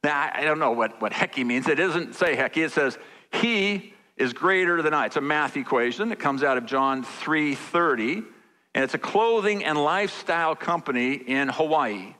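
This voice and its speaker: A man's voice: a little high, animated, normal speed, sharp tone. A man preaching a sermon as pastor, conversational and repeating phrases for emphasis. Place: large church sanctuary. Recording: church hall reverb.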